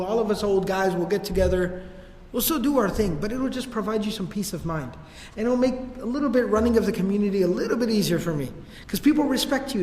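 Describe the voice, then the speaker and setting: A man voicing a patient older community leader who reasons calmly and casually with a frustrated friend. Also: sits high. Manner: calm, reasoning, casual talk. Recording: echoey hall with long reverb.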